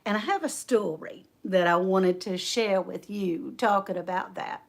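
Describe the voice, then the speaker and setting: A woman hosting a homestead livestream, telling a story in a folksy, animated way. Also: medium pitch, gravelly. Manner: slow, folksy, animated storyteller who laughs often. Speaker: homestead channel host.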